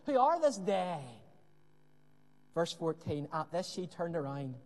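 A man preaching a sermon with earnest emphasis and dramatic pauses, often dropping to a hushed voice. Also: high-pitched. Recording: long hall reverb.

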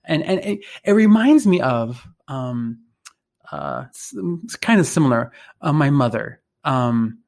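A man reflecting on faith and identity in conversation, thinking aloud with pauses and restarts. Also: medium pitch, animated, creaky, a little mellow. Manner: thoughtful, hesitant, many fillers and restarts.

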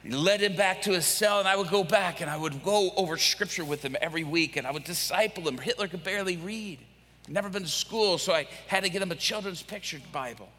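A man preaching, telling a dramatic story in a vivid, animated way. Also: high-pitched, fast talker, in a large hall. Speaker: preacher, prison minister.

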